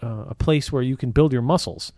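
A man's voice: mid-range voice, a little fast, a little mellow, dry recording, clean studio sound. A man co-hosting a podcast, riffing jokily in casual comedic chat and swearing freely. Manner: riffing, jokey, swears, bursts into mock-outraged bits. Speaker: podcast co-host. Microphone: studio microphone.

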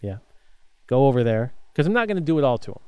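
A man in a loose, profane chat, telling a story with animated delivery and acting out the people he quotes. His voice sits at a middle pitch, recorded close and dry with no room sound. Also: fast, clear, resonant tone, dry recording. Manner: animated, swears freely, acts out quotes, laughs a lot. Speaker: podcast co-host telling a story.

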